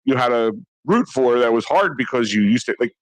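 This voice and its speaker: A man's voice: mid-range voice, a little fast, no room sound, low-quality recording. Rambling Philly man, dry mic. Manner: excitable, rambling, many restarts. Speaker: podcast co-host. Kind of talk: casual sports chat.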